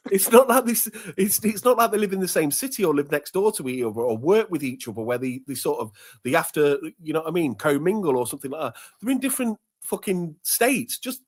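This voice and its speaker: A man's voice: fairly high pitch, expressive, brisk. A man, ranting animatedly in a casual livestream chat, swearing often and repeating himself. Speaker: guest commentator. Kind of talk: heated casual rant on a livestream.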